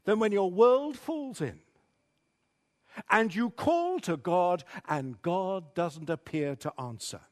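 Dramatic high-voiced preacher. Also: male voice, lively intonation, slow pace, darkish tone. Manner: dramatic, reads scripture with rising intensity. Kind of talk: sermon.

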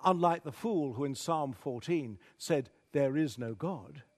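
A man's voice: a little high, lively intonation, unhurried, a little mellow. A man preaching a sermon, reading scripture aloud with dramatic intensity.

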